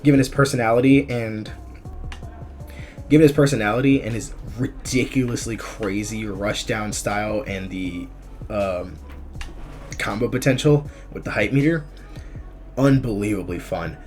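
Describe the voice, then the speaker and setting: A young gaming YouTuber gives casual, chatty commentary while ranking characters for a fighting game tier list, full of ums and restarts. His voice is on the low side at a moderate pace with frequent pauses, and faint music plays behind him.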